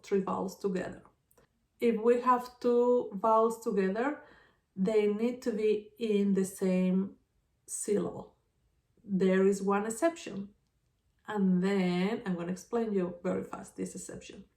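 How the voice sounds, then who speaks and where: A woman gives a language lesson at a slow, careful pace. She repeats each example word so learners can hear the stress. The room sounds echoey around her voice. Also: mid-range voice. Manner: patient, repeats example words slowly. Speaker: Spanish teacher.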